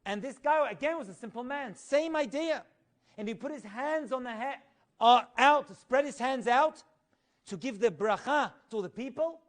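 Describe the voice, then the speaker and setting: A middle-aged male rabbi telling stories in an animated Torah class, singing quoted Hebrew phrases and adding humorous asides. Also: very high-pitched, normal speed.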